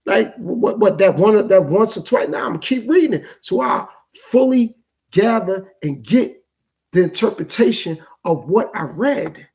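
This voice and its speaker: Talking through his thoughts alone on his own podcast, a man uses a loose, repetitive, reflective street-talk delivery. His high-pitched voice has lively intonation, a darkish tone and a breathy edge, and he keeps a measured pace.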